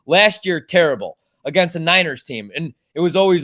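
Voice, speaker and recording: A man's voice: sits high, animated, fairly quick, few pauses, a bit bright. Fired-up man ranting about football picks. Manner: heated, ranting, swears freely. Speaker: podcast co-host. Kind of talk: casual sports-picks banter.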